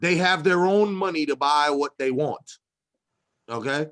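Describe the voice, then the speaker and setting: Rambling higher-voiced man hosting a discussion. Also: unhurried, a bit bright. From Boston. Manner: rambling, many fillers and restarts. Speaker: discussion host. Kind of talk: casual panel discussion.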